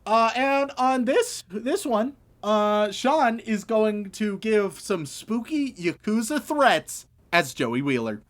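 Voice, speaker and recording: A man's voice: sits high, sing-song, slow pace, hardly any pauses, fairly bright tone. Swooping, profane podcast host man. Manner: profane and wry, handing out jokey tasks. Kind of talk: casual comedy podcast chat.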